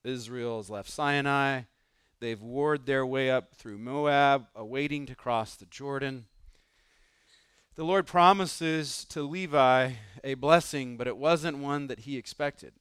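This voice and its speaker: Smooth, dry-voiced male preacher. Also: medium pitch, slow pace, a bit bright, no room sound. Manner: earnest, conversational, asks the listener questions; puts on voices for the people in the story. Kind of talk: sermon.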